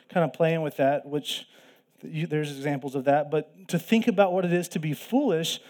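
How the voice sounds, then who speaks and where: A man's voice: on the high side, a little mellow. A man preaching a sermon in a conversational, teaching way, emphatic at times and often restarting his sentences. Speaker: pastor.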